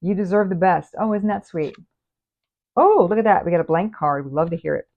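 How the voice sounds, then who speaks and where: Chatty woman reading oracle cards, talks right to viewer, kinda low voice, thin tinny audio. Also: expressive, fairly quick. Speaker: tarot reader. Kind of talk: casual tarot reading to camera. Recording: phone-like narrow sound.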